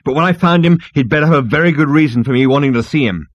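A man playing a brash, impatient adventurer, exasperated and prone to shouty outbursts. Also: on the high side, very fast, no echo, muffled recording, pitched above the performer's own voice, close to an everyday voice.

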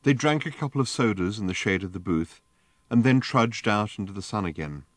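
A man narrating an audiobook in a measured, dry storytelling manner. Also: fairly low pitch, expressive, dry recording. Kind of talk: scripted narration.

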